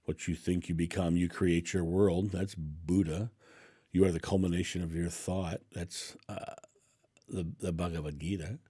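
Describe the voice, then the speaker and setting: A man with a husky, somewhat low voice talks to his viewers in an easygoing but emphatic way. He circles back on phrases to drive them home and laughs easily. The sound is close and dry, with no room around it. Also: fairly even intonation, unhurried, long pauses, dark tone, no room sound. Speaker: channel host, spiritual speaker. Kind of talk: casual monologue to camera.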